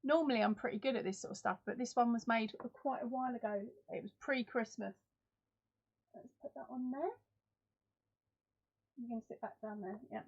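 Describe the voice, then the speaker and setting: A woman's voice: on the high side, normal speed, pauses often, husky, lo-fi sound. A woman from Essex with an Essex accent, chatting casually with viewers by name during a live-stream giveaway, self-deprecating and friendly. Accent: Essex English. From Essex, England. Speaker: crochet channel host.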